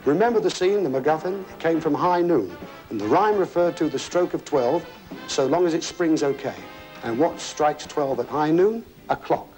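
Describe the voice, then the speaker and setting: High-voiced jokey game show host. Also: male voice, animated, moderate pace, a little mellow, soft background music, low-quality recording. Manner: jokey, chatty, addresses audience. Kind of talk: upbeat studio presenting. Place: TV studio with audience.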